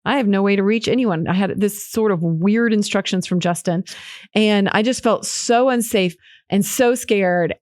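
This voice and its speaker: A woman's voice: medium pitch, dry recording, clean studio sound. A woman hosting a podcast, telling a personal story in a candid, emotional, rambling way with many restarts. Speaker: podcast host.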